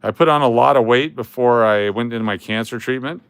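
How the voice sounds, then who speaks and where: A middle-aged coin collecting channel host speaks a little fast in a smooth, medium-pitched voice, recorded dry. Going through old photos in a casual vlog, he rambles and jokes, chuckling and leaving sentences trailing into restarts.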